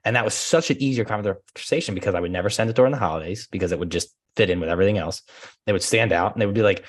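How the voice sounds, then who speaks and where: A man with a fairly low voice and a brisk, fast pace tells stories in a relaxed podcast chat. He laughs easily and switches into animated voices when he acts out phone calls. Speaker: guest, former real estate agent. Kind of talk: casual podcast conversation.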